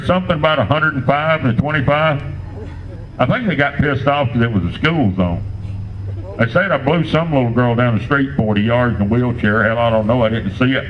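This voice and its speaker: Older man, standup comedy, crude rambling deadpan, slightly high voice, muffled lo-fi sound. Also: slight background noise.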